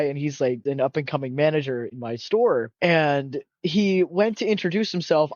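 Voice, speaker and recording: A man co-hosting a podcast, telling an animated story and laughing often in casual chat. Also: a little high, no echo. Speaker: podcast co-host. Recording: slightly dull, muffled audio.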